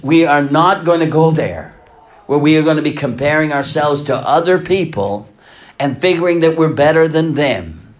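A middle-aged man preaching a sermon in a medium-pitched voice. He drops to near-hushed asides, then climbs into loud, fervent stretches. His delivery is earnest and emphatic. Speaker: pastor.

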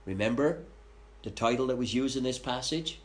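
A man's voice: medium pitch, normal speed. A man leading a Bible study, reading scripture aloud and explaining it conversationally, with questions to his listeners. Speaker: Bible teacher.

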